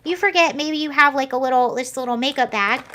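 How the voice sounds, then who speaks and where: Chatty young woman vlogger, higher voice. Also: fairly quick, sharp tone. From United States. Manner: chatty, rambling, many fillers and restarts. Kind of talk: casual commentary to camera.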